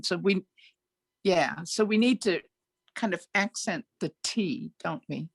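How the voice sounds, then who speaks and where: A woman's voice: fairly low pitch, lively intonation, a little slow, no echo. A woman taking part in an online music workshop, asking hesitant questions on a video call. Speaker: workshop participant.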